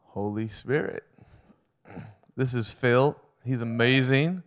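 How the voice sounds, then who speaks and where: A man leading a church meeting, slow and encouraging as he calls someone up to share. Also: mid-range voice, slight background noise. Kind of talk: sermon.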